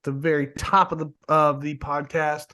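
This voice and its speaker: Man, podcast co-host, casual joking chat, slightly high voice. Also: little pitch movement, moderate pace, sharp tone. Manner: joking, steers the topics.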